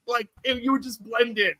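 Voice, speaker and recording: An American woman co-hosting a live comics show, chatting casually in an animated, laughing way and telling stories full of quoted voices. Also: fairly high pitch, dry recording. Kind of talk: casual chat on a livestream.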